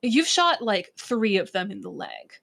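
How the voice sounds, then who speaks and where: A woman game master narrating a tabletop actual play. She tells the scene in a lively way and laughs often as she goes. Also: mid-range voice, measured pace, gravelly.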